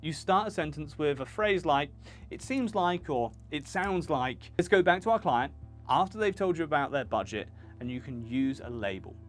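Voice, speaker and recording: A man's voice: a little high, expressive, a little fast, faint music behind. A man hosting a video lesson for freelancers, talking in a punchy, emphatic, conversational way. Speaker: channel host teaching freelancers.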